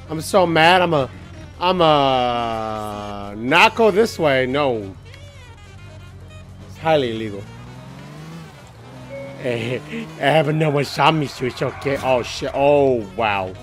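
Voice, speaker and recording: A man casually commentating a video game playthrough, excitable and joking, swearing often and singing bits to himself. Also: medium pitch, slow pace, long pauses, soft background music. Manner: excitable, swearing, jokey, sings snippets. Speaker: gaming channel host. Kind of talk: let's play commentary.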